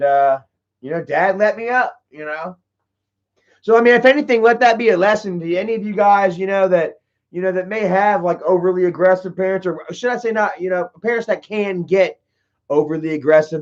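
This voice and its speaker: A man with a high-pitched voice hosts a casual livestream, rambling through a story with heavy swearing and constant filler. The audio is dull and lo-fi, like a basic stream mic. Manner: rambling, heavy swearing, frequent "you know" and "bro". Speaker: livestream host answering chat.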